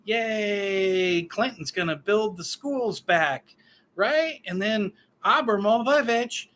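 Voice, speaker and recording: A man's voice: sits high, lively intonation, slow pace, a bit bright. Profane, heated man in his fifties. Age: 50s. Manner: profane, sarcastic, heated ranting. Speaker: political commentator. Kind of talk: solo political rant.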